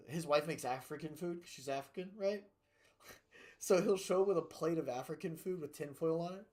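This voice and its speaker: Young guy streaming, swearing a lot, rambling stories, kinda high-ish voice. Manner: rambling, profane storytelling. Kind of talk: casual chat while gaming.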